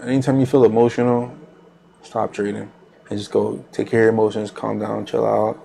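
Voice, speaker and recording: A man's voice: on the low side, level tone, a little fast, vocal fry, warm tone, slight background noise. A man hosting a trading channel, talking casually while he trades live, rambling loosely with repeated phrases and fillers.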